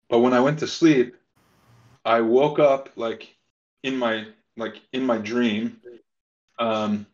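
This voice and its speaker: Man, mid-pitched, halting storyteller with many fillers, slightly dull lo-fi audio. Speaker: podcast guest. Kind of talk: casual storytelling.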